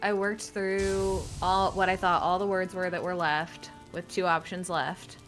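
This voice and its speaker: A woman with a lowish but bright, sharp-edged voice chats during a game stream. She speaks softly and hesitantly, often trailing off mid-thought, with faint music underneath. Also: flat delivery, unhurried. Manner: soft-spoken, hesitant, trailing off. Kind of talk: casual gameplay chat.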